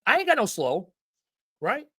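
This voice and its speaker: A man's voice: high voice, moderate pace, breathy edge. A man hosting a podcast in casual chat, talking in an emphatic, folksy way and swearing freely. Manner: animated, emphatic, folksy and profane. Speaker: podcast host.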